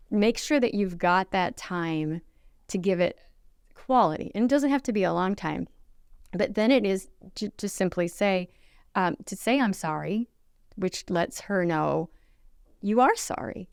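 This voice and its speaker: A woman's voice: mid-range voice, unhurried, vocal fry, clear, resonant tone, dry recording, studio quality. A middle-aged woman giving relationship advice in a casual conversation, earnest and instructive, often acting out quoted apologies. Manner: acts out quoted apologies in lively voices.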